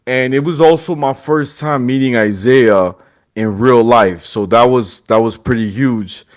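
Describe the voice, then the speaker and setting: A young man with a mid-range voice hosts a podcast, speaking a little slowly. He tells a story casually, acts out the quotes, and laughs often.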